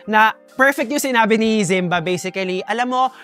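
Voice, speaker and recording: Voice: medium pitch, quick pace, fairly bright tone, soft background music. A podcast co-host with a Filipino accent, supportive and joking, chatting in English mixed with Filipino. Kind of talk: casual podcast chat mixing English and Filipino.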